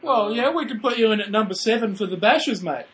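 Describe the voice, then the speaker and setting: A man's voice: high voice, expressive, quick pace. A man co-hosting a podcast, chatty and joking, often calling people mate. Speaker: podcast co-host. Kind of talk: casual chat.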